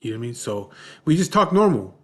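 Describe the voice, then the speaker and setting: A man's voice: medium pitch, big pitch swings, fast, a bit bright. A man in his forties in a casual vlog, answering viewers' questions bluntly and frankly, swearing often and often asking "you know what I mean". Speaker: vlogger.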